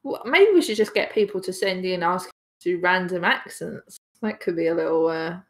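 A woman's voice: fairly low pitch, animated, normal speed. A woman co-hosting a gaming podcast, teasing her co-host in casual chat. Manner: teasing, joking.

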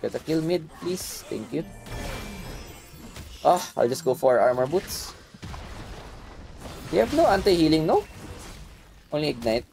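Gravelly Filipino-accented gamer calling plays. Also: male voice, a little high, sing-song, measured pace, long pauses, a little mellow, soft background music. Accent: Filipino English. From Philippines. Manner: short clipped callouts, repeats words in bursts. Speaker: mobile game streamer. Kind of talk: live gameplay commentary.

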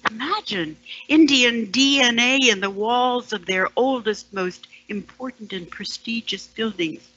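A woman performing a poem as a storyteller, sardonic and dropping into hushed whispered asides. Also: a little high, a little slow, no echo, muffled recording. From Canada, Ontario. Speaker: storyteller and poet. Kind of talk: dramatic poetry performance.

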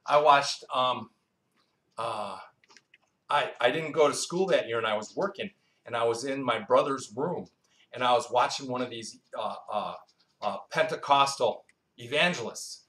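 Male preacher, mid-pitched, conversational Bible teacher who quizzes the room; roomy, echoey recording. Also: sharp tone. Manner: quizzes the congregation, asks and answers its own questions; conversational, with asides and storytelling. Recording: roomy echo.

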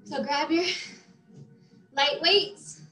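A woman's voice: sits high, extremely slow, sharp tone, echoey room, low-quality recording. A woman fitness instructor leading a workout class, out of breath as she exercises and counts down the reps. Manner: encouraging, counts down reps, talks while exercising. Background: faint music.

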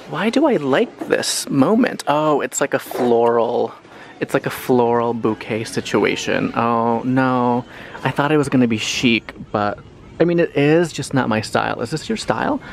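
A young man talking through a shop-with-me vlog in a home decor store, chatty and animated with dramatic reactions. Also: medium pitch, creaky. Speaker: lifestyle vlogger.

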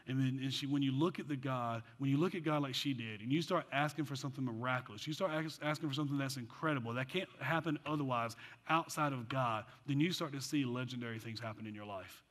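Bright, lively preaching man in a hall. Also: medium pitch, fast talker. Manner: animated, joking asides, then quiet earnest stretches. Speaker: pastor. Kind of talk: sermon. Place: church sanctuary. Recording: long church hall reverb.

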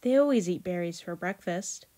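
A woman voicing a small, stubborn boy chipmunk in a read-aloud storybook, high and childish. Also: animated, moderate pace, warm tone, close to an everyday voice.

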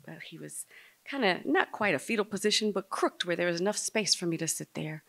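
A woman telling a personal story to a live audience, dramatic and speaking straight to the listeners, sometimes dropping to a hush. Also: on the low side, animated, brisk, gravelly. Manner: dramatic, drops to a hush at tender moments.

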